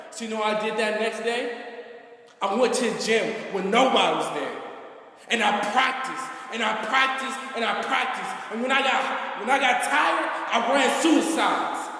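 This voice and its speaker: A man telling a motivational story with passion, dropping to a hush and rising to shouts. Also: extremely high pitch, normal speed. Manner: impassioned, swinging from hushed to shouting. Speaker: motivational speaker. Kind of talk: motivational spoken-word storytelling. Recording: echoey hall.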